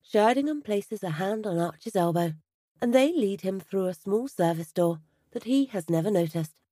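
A woman narrating a story aloud with an expressive reading manner. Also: medium pitch, normal speed, no room sound, studio quality.

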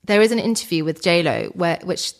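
A woman co-hosts a podcast in a chatty, animated way. Her voice is somewhat low for a woman. She talks casually and breaks into livelier bits when she quotes people. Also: a little fast. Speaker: podcast co-host. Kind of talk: casual chat.

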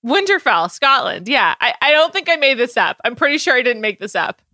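Female co-host, bubbly and giggly, bright lively voice. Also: sits high, no room sound. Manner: bubbly, laughing, quick to agree. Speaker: podcast co-host. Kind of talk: casual chat.

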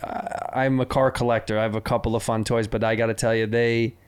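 A man, a comedian guest on a podcast, telling quick self-mocking stories in casual chat. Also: medium pitch, little pitch movement, smooth.

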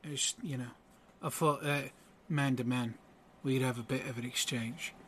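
A man voicing a smooth, menacing male shark enforcer who talks low and quiet. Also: fairly even intonation, measured pace, slight background noise, lightly acted. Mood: quietly menacing. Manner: quiet, soft-spoken threat.

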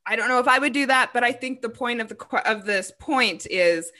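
A woman's voice: a little high, fairly quick, pushed and bright. A woman co-hosting a podcast, frank and upbeat in casual chat. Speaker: podcast co-host.

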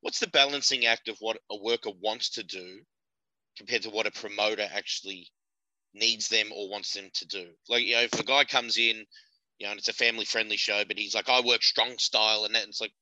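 Male podcast host, low, bright voice, rambling questions. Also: steady tone, fairly quick, no room sound, rough recording. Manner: rambling, restarts his questions. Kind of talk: casual interview questions.

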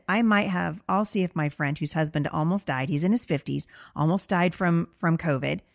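A woman's voice: on the low side, no room sound. A woman hosting her own show, answering a listener in an impassioned monologue, earnest and emphatic, repeating phrases for stress, close to tears. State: near tears. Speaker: podcast host responding to a listener.

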